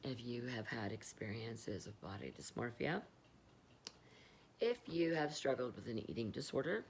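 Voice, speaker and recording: A woman's voice: rumbling low, animated, normal speed, slight background noise. A middle-aged woman talking candidly and rambling in a confessional vlog, swearing freely while stoned. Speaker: vlogger.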